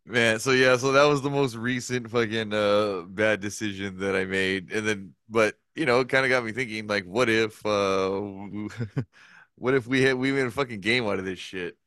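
Smooth-voiced swearing storyteller man. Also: lowish voice, fairly even intonation, moderate pace, fairly bright tone, no echo, clean studio sound. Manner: profane, laughing, rambling anecdotes. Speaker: podcast co-host. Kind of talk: casual storytelling chat.

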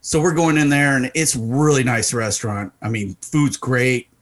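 A man's voice: medium pitch, moderate pace. Man, casual podcast storytelling, swears a lot, acts out quotes. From Arizona. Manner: profane, animated storyteller acting out quotes. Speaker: podcast co-host.

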